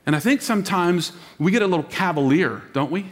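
A man preaching as lead pastor, dramatic, dropping to a hush for emphasis and acting out quoted voices. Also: high voice, animated, fairly quick. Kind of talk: sermon. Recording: long reverb of a large hall.

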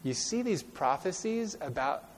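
A male preacher giving a sermon, reading scripture slowly and with emphasis and quizzing his listeners as he goes. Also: on the high side, expressive, slight background noise. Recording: long reverb of a large hall.

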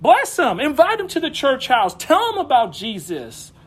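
A young man preaching a sermon, animated, with bursts of raised voice. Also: very high voice, moderate pace. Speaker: pastor.

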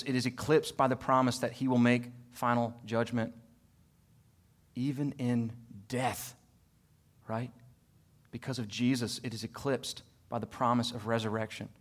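A man preaching a sermon as pastor, with emphatic repeated phrases that build to loud peaks and then fall soft, mixed with homely family stories. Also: mid-range voice.

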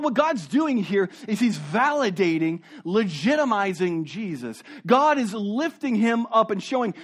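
In his sermon, this earnest pastor lowers his voice to a soft hush to make points, frequently repeating words as he gropes for what to say.

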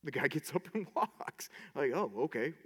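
Passionate male preacher, high voice, echoing hall. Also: a little slow, breathy edge. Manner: excited, passionate, many restarts. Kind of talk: sermon.

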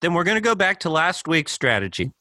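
A man's voice: a little high, sing-song, fairly quick, sharp tone, no room sound. A man co-hosting a podcast in casual chat, building his points thoughtfully and checking in with his partner. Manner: thoughtful, builds arguments with "right?" and "you know". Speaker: podcast co-host.

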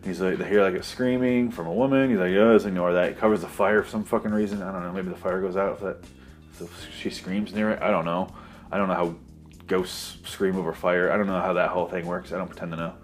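A man's voice: low voice, steady tone, fast, soft background music. A man giving a sarcastic, profane, rambling comedic recap of a movie plot.

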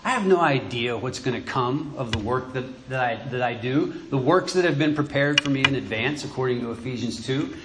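A man preaching a sermon in church, halting and repeating words as he goes. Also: mid-range voice, heavy background noise. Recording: echoey room.

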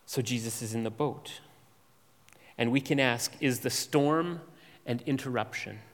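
A man preaching an expository sermon as pastor, measured and emphatic, with dramatic pauses and long lists. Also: mid-range voice, long reverb tail.

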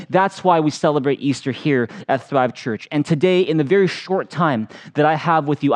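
A male pastor with a high voice delivers a sermon, turning lively and animated when he tells personal stories. He acts out the voices of the people in his anecdotes.

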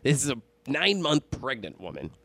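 Listen for a man casually spinning a long story, his pitch swinging up and down with lots of life. He swears freely, rambles and restarts his sentences, and his voice sits close and dry, with no room echo behind it. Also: big pitch swings, brisk, sharp tone. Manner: profane, rambling, with many fillers and restarts. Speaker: storyteller on a podcast.

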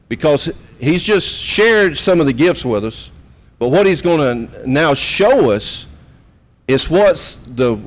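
A man's voice: on the high side, big-room sound. A man in his fifties preaching a conversational sermon and putting questions to the room. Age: 50s. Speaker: pastor.

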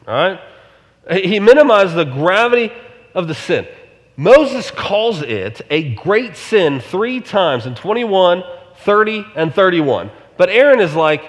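A man's voice: high-pitched, sing-song, slow, long reverb tail. A male pastor preaching a sermon in a conversational way, often asking the congregation rhetorical questions.

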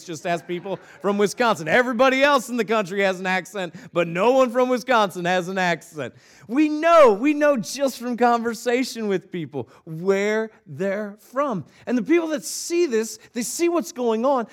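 A man preaching as a pastor with a high, lively voice that leaps around. He mixes joking asides with sudden drops into low, quiet emphasis. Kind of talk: sermon.

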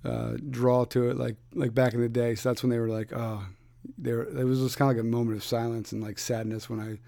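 A man's voice: mid-range voice, level tone, a little fast, gravelly, dark tone. A man from Philadelphia hosting a podcast, chatting casually with a guest, laid-back and rambling with lots of fillers and restarts. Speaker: podcast host. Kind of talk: casual interview chat.

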